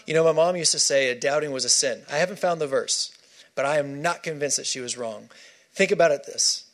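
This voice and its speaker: A man's voice: fairly high pitch, fairly quick, a bit bright. A man preaching a sermon, emphatic and repeating key phrases for stress.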